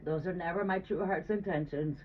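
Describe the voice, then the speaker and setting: A woman's voice: on the low side, a little fast. A woman giving a casual live tarot stream at home, chatting to viewers as she moves around. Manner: chatty, talks to viewers while moving around. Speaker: tarot reader. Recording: distant, phone-like with faint noise.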